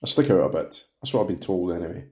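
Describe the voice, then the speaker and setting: An offhand man under police questioning, cocky and evasive, brushing questions aside in a low voice, as the narrator reads him. It comes across as an audiobook reading. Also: animated, fast, darkish tone.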